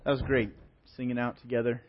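A man preaching a sermon as pastor, telling stories in a relaxed, conversational way with plenty of fillers. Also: mid-range voice, fast, lo-fi sound.

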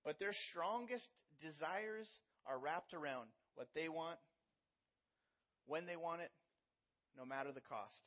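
Higher-voiced pastor preaching a sermon. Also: male voice, a little slow, pauses often, muffled recording. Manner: earnest teaching with personal illustrations.

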